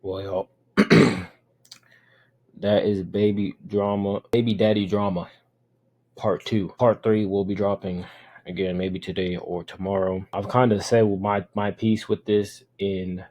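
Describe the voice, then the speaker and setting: Low, husky man reacting to a clip. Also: a little slow. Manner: relaxed, clears throat, stops the clip to explain. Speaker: reaction video host. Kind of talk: casual commentary on a clip.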